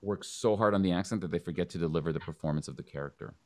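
Animated storytelling man, lowish voice. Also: very fast. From Canada. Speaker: podcast host. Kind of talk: casual interview conversation.

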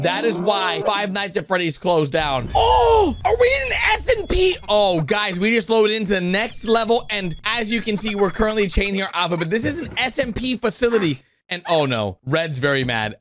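This is an excitable man giving running commentary over animated game clips for his viewers. His voice sits high and jumps wildly up and down. A steady hiss of background noise runs under him. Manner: excitable, keeps gasping "oh no" and calling viewers "dudes". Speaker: gaming video host.

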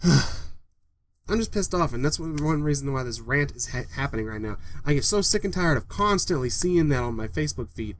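A young man with a fairly high voice rants straight to the camera in a heated, profane vlog. He keeps circling back to the same complaints and swears freely as he vents. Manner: heated, profane, repetitive ranting. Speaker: vlogger. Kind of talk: angry rant to camera.

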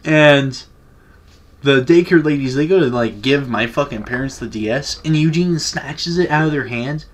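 A man's voice: mid-range voice, normal speed. A young man vlogger telling a childhood story in a casual, profane, laid-back way.

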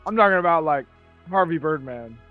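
A man's voice: on the high side, expressive, brisk, phone-quality sound, faint music behind. A man streaming a game, chatting loosely with a friend, swearing and laughing easily. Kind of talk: casual gaming chat.

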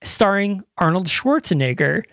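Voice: medium pitch, big pitch swings, normal speed, dry recording, clean studio sound. A podcast host in casual chat, rambling and enthusiastic, with frequent fillers, restarts and swearing.

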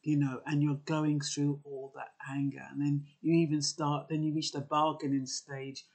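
A man's voice: fairly high pitch, flat delivery, moderate pace, darkish tone. A man giving earnest, conversational advice, with frequent fillers and restarts. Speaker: advice vlogger. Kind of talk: casual advice talk.

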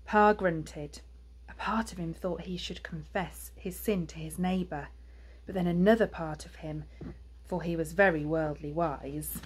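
A woman's voice: on the low side, darkish tone, husky. A woman with an English accent, a primary school teacher, reading a children's book aloud expressively with chatty asides.

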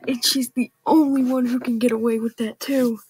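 A woman with a slightly high voice reacts to a show on camera, gushing with emotion. Her talk is casual and full of exclamations. A faint hiss sits under the recording. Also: steady tone, moderate pace, a little mellow, poor audio. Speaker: reaction video host.

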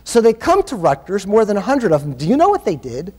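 A man's voice: sits high, huge pitch swings, quick pace, a little mellow. A man giving a conference keynote, telling stories in an emphatic, impassioned way. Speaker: keynote speaker. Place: university conference hall. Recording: long hall reverb.

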